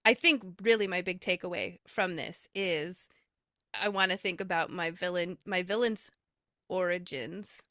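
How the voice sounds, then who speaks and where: Female podcast guest, eager and chatty, bright tense tone, dry close recording. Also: lowish voice, a little slow, no room sound. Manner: eager, talks with lots of fillers and restarts. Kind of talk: casual chat.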